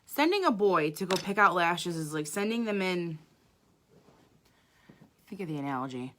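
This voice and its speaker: A woman's voice: fairly low pitch, sing-song, moderate pace, background noise. A woman makeup artist giving a chatty live makeup tutorial, talking straight to her viewers.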